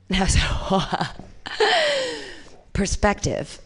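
A woman performing a stand-up comedy set, brash and crude, swinging between shrieked punchlines and low muttered asides. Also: measured pace, long pauses, slightly rough. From California.

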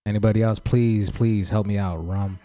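A man on a comedy club stage, chatting with the crowd in a halting, hesitant way. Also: on the low side, little pitch movement, mellow. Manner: halting, hesitant, full of restarts and pleading. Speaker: stand-up comedian asking the crowd for feedback. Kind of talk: casual crowd work on stage.

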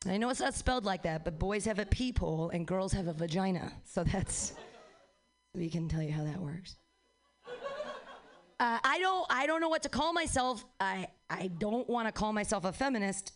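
A young woman doing a stand-up comedy set, rambling and profane, with quick self-mocking asides. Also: mid-range voice.

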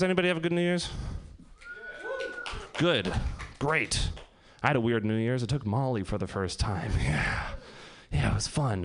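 A man's voice: mid-range voice, a little hiss or hum. A man in his twenties doing a loose, profane stand-up set, laughing often as he tells stories. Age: 20s. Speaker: stand-up comedian.

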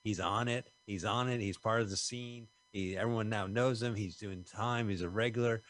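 A man's voice: on the low side, steady tone, normal speed, fairly bright tone. A man co-hosting a radio show, riffing and joking in loose, casual banter about a movie. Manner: jokey, riffing, trailing off mid-thought. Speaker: radio co-host. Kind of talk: casual film-talk banter.

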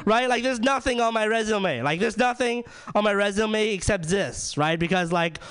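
Ranting young stand-up comedian, smooth voice. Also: male voice, high voice, moderate pace, fairly bright tone. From China. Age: young adult. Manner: ranting, self-deprecating, heavy use of "like" and "right?".

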